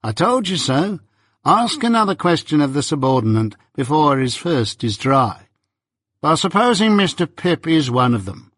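A man voicing a brisk, dry male law clerk with a wry, clipped manner, read as an audiobook. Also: on the high side, very animated, a bit bright, no room sound, voice pushed up.

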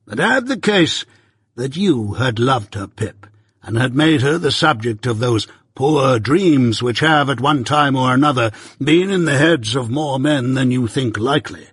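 A man reading an audiobook, voicing a dictatorial lawyer who speaks in grave, measured, commanding tones. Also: medium pitch, lively intonation, fairly bright tone, slightly rough, no room sound, studio quality. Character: dictatorial middle-aged male lawyer, grave and magisterial.

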